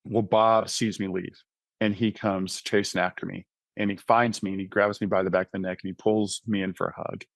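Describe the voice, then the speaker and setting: On a dry recording, a man with a low voice and a level tone talks a little fast. He is in his thirties, a podcast guest who wrote books and founded a mentoring ministry, and he earnestly shares his faith testimony in a conversational way, repeatedly asking "right?".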